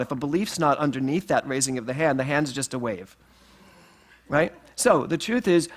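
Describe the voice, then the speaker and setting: A middle-aged male minister delivers a sermon in a spiritual center, his fairly high voice swooping up and down as he drives his points home. He is playful and animated, laughing his way through the lines.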